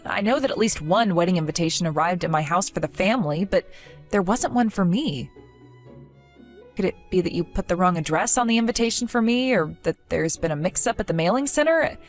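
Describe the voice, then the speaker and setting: A woman's voice: medium pitch, close to an everyday voice. Woman voicing an earnest, wounded young woman. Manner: bewildered, pleading. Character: earnest trusting young woman, easily hurt. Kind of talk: animated story voice acting.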